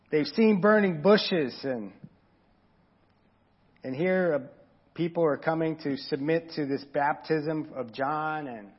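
A man's voice: a little high, lo-fi sound. A man preaching an informal, earnest sermon and talking straight to his congregation. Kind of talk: conversational sermon.

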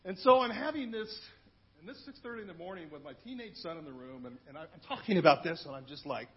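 A man's voice: sits high, lively intonation, fast talker, muffled recording. A man in his fifties, a minister, telling his own story in a candid, conversational church testimony with plenty of asides. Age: 50s. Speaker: minister giving a personal testimony.

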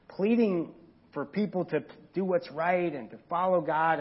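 Husky man preaching conversationally. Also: muffled recording. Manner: conversational, acts out quoted voices with rising pitch and volume. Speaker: pastor. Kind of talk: sermon.

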